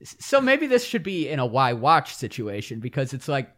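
A man co-hosting a podcast, chatting casually in an animated, teasing way. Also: medium pitch, moderate pace. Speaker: podcast co-host. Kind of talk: casual chat.

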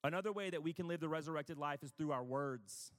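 A man's voice: fairly high pitch, quick pace, fairly bright tone, in a large hall. A man preaching a conversational sermon, chatty and self-deprecating, with frequent asides.

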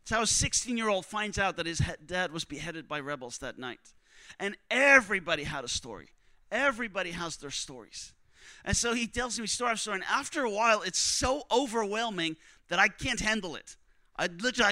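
A man preaching, telling a story in a conversational, animated way and acting out what others said. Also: high-pitched, a little fast, no room sound. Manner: animated, conversational, acts out quotes. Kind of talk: sermon storytelling.

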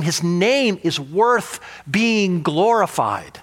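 Male pastor, sermon, fairly high voice, animated, rhetorical questions, stumbling restarts. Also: slow pace, few pauses. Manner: frequent restarts and repeated words.

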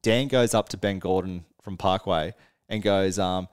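A man with a fairly low voice tells a tour story as a podcast co-host. He is lively and casual, often breaking into laughter mid-sentence, and swears freely as he goes. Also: unhurried, clear, resonant tone. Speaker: touring musician, podcast co-host.

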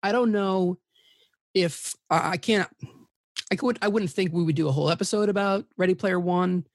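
A man talks as a guest in a casual podcast chat, with a slightly high voice. He rambles eagerly and corrects himself mid-sentence. The recording is dry and close. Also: normal speed, no room sound.

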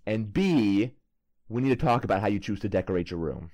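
A man's voice: on the low side, expressive, a little fast, darkish tone, close to an everyday voice. A man voicing a brash, swaggering male investigator with a put-on New York accent who swears a lot. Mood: blustering.

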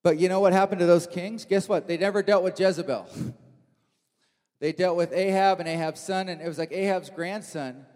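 A man's voice: sits high, fairly even intonation, normal speed, darkish tone. A man preaching a sermon in a church hall, telling the story with animation and acting out the quotes.

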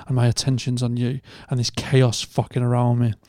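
A young adult man with a Northern English accent, co-hosting a podcast and telling sweary, animated stories in casual chat. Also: mid-range voice, fairly quick, no echo, studio quality. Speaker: podcast co-host.

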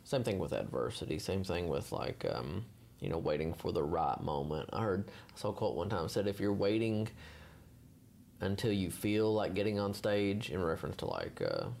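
Low gravelly guy rambling on a podcast, swears a lot, keeps laughing. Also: very animated, moderate pace, darkish tone, slight background noise. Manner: profane, rambling, laughs often. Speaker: podcast co-host. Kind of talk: casual podcast chat.

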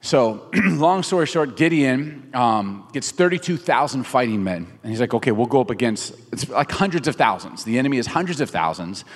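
A man's voice: mid-range voice, normal speed, few pauses. A man in his thirties preaching a casual, joking sermon, retelling a story in everyday words. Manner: conversational and animated, jokes with the audience. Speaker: pastor. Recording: reverberant hall from a distance.

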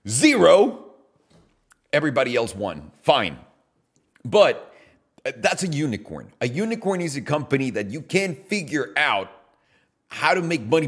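A man hosting a podcast, giving an animated, casual opinion monologue with swearing and jokey asides. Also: medium pitch, breathy edge. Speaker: podcast host.

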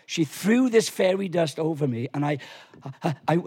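A husky man in his sixties leads a church service with a relaxed, joking delivery. His voice sits high for a man, and he often restarts his sentences as he tells a story to the congregation. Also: moderate pace. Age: 60s. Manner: chatty, joking, rambling with restarts. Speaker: guest preacher. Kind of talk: sermon with storytelling.

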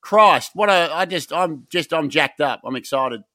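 Bright, excitable podcast co-host. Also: male voice, on the high side, no echo. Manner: excitable, joking, quick questions. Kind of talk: casual podcast chat.

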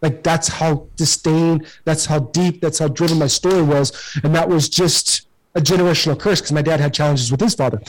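A man's voice: fairly high pitch, fairly even intonation, moderate pace, poor audio. A man in his forties, a podcast guest and former pro ballplayer, telling his life story in an earnest, emphatic, motivational way and often repeating words as he gets fired up.

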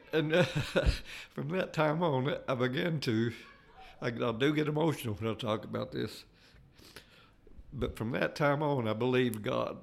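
An older man giving an earnest personal testimony, halting and restarting as he talks. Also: mid-range voice, vocal fry. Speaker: layman giving a faith testimony.

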